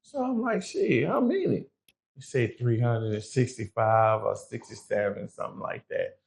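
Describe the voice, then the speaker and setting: Gravelly man telling a prison story. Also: fairly low pitch, normal speed. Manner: animated, acts out quotes, swears freely. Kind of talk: casual storytelling.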